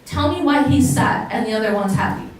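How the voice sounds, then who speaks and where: A woman gives a religious lecture to a live audience, speaking conversationally and putting questions to her listeners. Her voice is a little high, with lively intonation and a fairly quick pace. The sound comes from far off in an echoey hall with faint noise.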